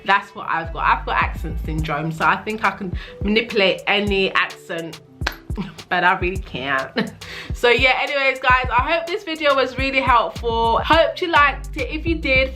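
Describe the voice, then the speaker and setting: A woman in her thirties, a hair vlogger and mother, talking casually to camera in a chatty, animated way. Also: a little high, faint music behind. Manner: chatty, quick and animated, with laughs.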